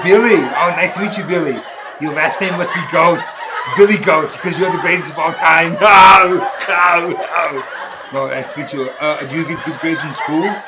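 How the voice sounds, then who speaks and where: A man joking and laughing as he greets strangers and poses as a celebrity. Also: on the high side. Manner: laughing, playful, friendly greetings. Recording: noisy background.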